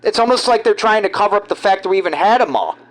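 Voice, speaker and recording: A man from giving rambling, halting, conspiratorial commentary over video clips. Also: high-pitched, animated, rough recording. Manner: halting, restarts often, conspiratorial. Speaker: vlogger.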